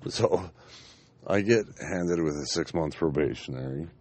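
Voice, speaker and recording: A man's voice: very deep voice, measured pace, a little mellow. A young man casually telling a profane, rambling anecdote outdoors in his backyard. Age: young adult. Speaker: storyteller.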